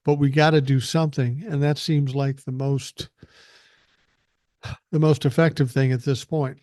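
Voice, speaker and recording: A man's voice: mid-range voice, flat delivery, a little slow, a little mellow, no room sound. An older man hosting a podcast, delivering a blunt, profane and angry political monologue into a close mic. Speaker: podcast host.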